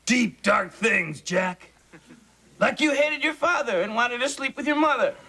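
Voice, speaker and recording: A man's voice: very high voice, animated, a little slow, heavy background noise, heavily acted. An actor voicing a sarcastic male stuffed toy bunny in a sitcom, with snide, theatrical wisecracks. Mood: scornful. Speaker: sitcom character. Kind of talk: sitcom acting. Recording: sitcom audio with loud studio laughter. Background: audience laughter.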